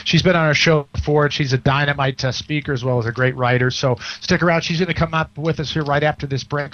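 A man's voice: on the high side, steady tone, quick pace, hardly any pauses, a bit bright. Middle-aged male radio host, lo-fi. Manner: hesitant, lots of fillers and restarts. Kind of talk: casual talk radio interview. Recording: slightly dull, lo-fi radio audio.

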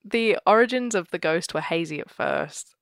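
A podcast co-host chats casually and laughs often while retelling a ghost story. Her voice is on the low side and gravelly, expressive and moderately paced, recorded dry with clean studio sound.

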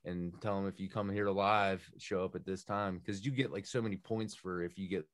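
A man's voice: low-pitched, steady tone, normal speed, dry recording. A young man chatting casually on a podcast as a guest, swearing a lot, rambling and laughing through his stories. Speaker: music producer guest.

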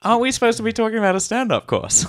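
An Australian man chatting as a podcast guest, laid-back and quick with wry quips. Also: high voice, very animated. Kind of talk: casual chat.

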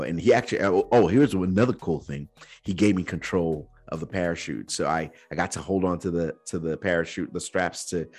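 Podcast host, male, low husky voice, earnest storyteller with casual slang. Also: a little mellow. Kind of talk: personal storytelling.

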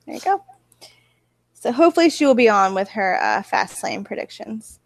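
A woman's voice: medium pitch, animated, normal speed, dry recording. A woman with a Southern US accent, co-hosting a podcast in casual chat and telling stories at length while acting out her own reactions. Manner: rambling storyteller, acts out her own reactions. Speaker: podcast co-host.

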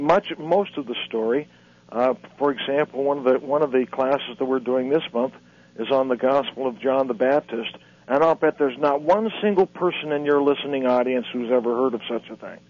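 A man, an author and lecturer, speaking as a guest on a radio interview in an earnest, lecturing way. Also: mid-range voice. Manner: earnest, lecturing, halting restarts. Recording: muffled radio broadcast.

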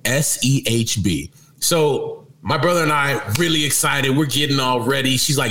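A man telling a childhood story in casual chat, animated and laughing, protesting indignantly when challenged. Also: mid-range voice, normal speed, hardly any pauses, rough recording. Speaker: storyteller guest.

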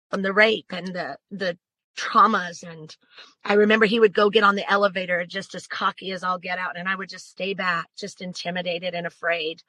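A woman's voice: lowish voice, sharp tone, dry recording, rough recording. A woman as an interview guest telling a personal story in an earnest, emphatic way.

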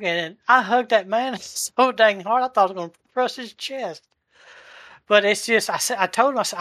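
A man in his forties giving a heartfelt personal testimony, halting and searching for words as he goes. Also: high-pitched, pushed and bright, no room sound, studio quality. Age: 40s. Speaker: delivery driver sharing a testimony. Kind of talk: emotional personal testimony in a live chat.

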